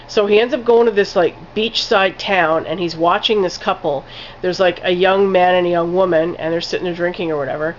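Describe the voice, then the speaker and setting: A woman's voice: lowish voice, a little fast, lo-fi sound, a little hiss or hum. A woman giving a casual spoken film review, rambling with lots of "like" fillers and casual swearing.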